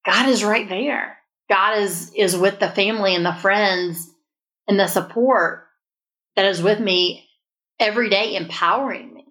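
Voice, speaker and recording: A woman tells a personal story of faith in an earnest, heartfelt voice. Her pitch sits in a middle range, and she leans into the emotional moments as she recounts them. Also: normal speed, a bit bright. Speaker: guest. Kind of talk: personal testimony in a faith conversation.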